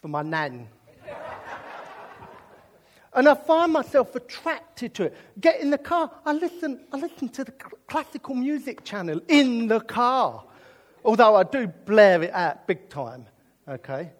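A British man preaching with a high, bouncing voice that swoops up and down as he jokes. His sermon mixes comic storytelling with earnest appeals. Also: measured pace. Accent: British English. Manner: animated and jokey, drifting into earnest preaching.

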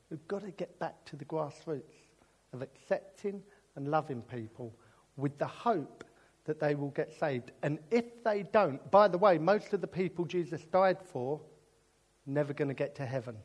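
A man's voice: fairly high pitch, breathy edge. A British man preaching a sermon, joking through a comic story and then turning earnest. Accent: British English. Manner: animated and jokey, drifting into earnest preaching.

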